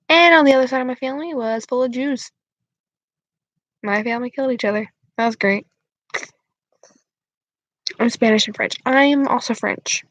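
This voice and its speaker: A woman's voice: a little high, a bit bright, dry recording, highs cut off. A young woman hosting her channel, chatting casually with viewers in a rambling, giggly way full of fillers.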